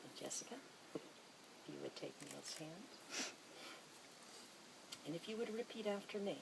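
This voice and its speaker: A woman officiating a wedding ceremony, leading vows with gentle, teasing warmth. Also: on the low side, animated, normal speed, creaky, background noise. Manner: warm, teasing, gently emotional.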